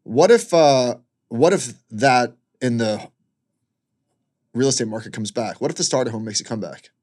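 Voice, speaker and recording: A man's voice: mid-range voice, moderate pace, darkish tone. Brief: male podcast co-host, laid-back finance chat, dry quips, short answers.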